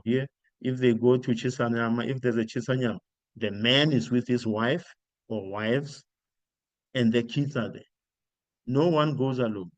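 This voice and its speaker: A man's voice: mid-range voice, dry recording. A middle-aged South African man giving informal career advice, telling stories and acting out quoted dialogue. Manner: animated storytelling, acts out quoted dialogue. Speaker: career coach.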